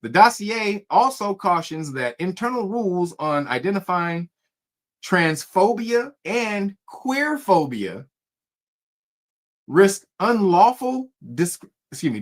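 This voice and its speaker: Laughing, profane male news commentator. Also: high-pitched. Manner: profane, laughs often, stumbles while reading. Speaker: commentary streamer. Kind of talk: reading news aloud with casual commentary.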